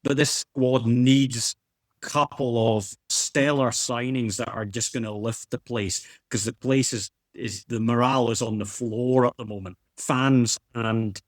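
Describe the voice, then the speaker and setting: A man's voice: mid-range voice, no room sound, clean studio sound. A man co-hosting a podcast, making an insistent case in casual chat and often restarting his sentences. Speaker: podcast co-host.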